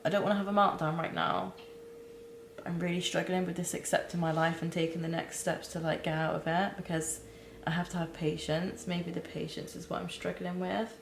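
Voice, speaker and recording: Brief: young woman, lowish voice, halting and near tears, in an echoey room with a faint hum. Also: flat delivery, vocal fry. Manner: halting, searching for words, many fillers and restarts. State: close to tears. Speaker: vlogger. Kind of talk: candid personal vlog.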